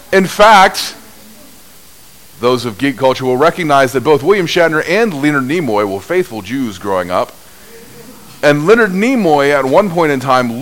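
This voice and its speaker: A man preaching a sermon, telling stories at an unhurried pace with big swings in pitch and loudness. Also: low-quality recording. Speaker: pastor.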